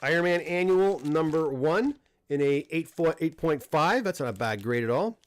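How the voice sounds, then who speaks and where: A middle-aged Canadian man hosting a casual livestream unboxing, talking in a relaxed, rambling way with frequent restarts and fillers. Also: on the high side, normal speed. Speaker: comic book dealer and host. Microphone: desk microphone close up.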